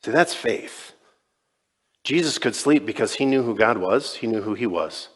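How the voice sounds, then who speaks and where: A man's voice: medium pitch, expressive, moderate pace, a bit bright, husky. A male pastor preaching a sermon in a conversational way, retelling scenes and voicing quoted dialogue. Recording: long reverb in a large church.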